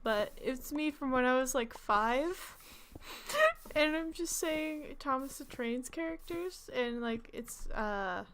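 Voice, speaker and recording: A woman's voice: high voice, animated, slow pace, a bit bright, slight background noise. A young woman streaming a game, chatting casually in a rambling, giggly way full of fillers, with what she calls an alto voice. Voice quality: self-described alto voice. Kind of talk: casual gaming stream chat.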